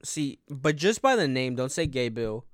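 A man's voice: medium pitch, big pitch swings, moderate pace, no echo, clean studio sound. A man in casual, profane podcast chat as co-host, laid-back and easygoing.

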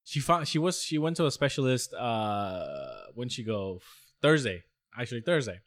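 A man's voice: medium pitch, big pitch swings, moderate pace, fairly bright tone. A young man chatting casually, swearing freely and acting out arguments with his mother. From born outside the US. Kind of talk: casual chat.

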